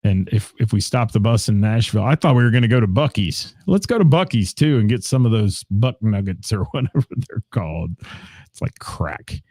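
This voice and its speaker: A man's voice: on the low side, lively intonation, brisk, a little mellow, dry recording, clean studio sound. Chatty man reading local gig listings. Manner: chatty, reads gig dates aloud, answers viewer comments. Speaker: host of a local live-music listings show. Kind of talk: casual live-stream listings read.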